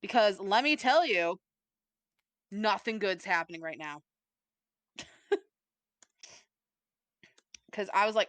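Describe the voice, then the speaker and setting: A woman's voice: mid-range voice, expressive, takes it slowly, pauses often, a bit bright, dry recording. A woman co-hosting a podcast in casual chat, playful and rambling, swearing freely. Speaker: podcast co-host. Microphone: desk mic, typing nearby.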